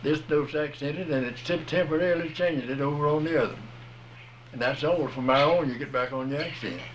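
A man's voice: a little high, a little fast, a little hiss or hum. Folksy man explaining music patiently. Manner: folksy, plain-spoken, patient, rural phrasing. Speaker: music teacher explaining rhythm. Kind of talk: casual explanation.

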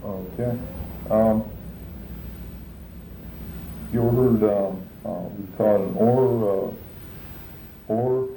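A man's voice: on the low side, fairly even intonation, slow, dark tone, echoey room, a little hiss or hum, poor audio. A man interviewing someone, asking questions patiently and hesitantly, with many fillers.

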